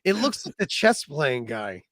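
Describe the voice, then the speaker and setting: A man's voice: on the high side, big pitch swings, a little slow, fairly bright tone, no echo, clean studio sound. A man co-hosting a podcast, joking and sarcastic in casual comedic chat. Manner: joking, sarcastic, does silly voices. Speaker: podcast co-host.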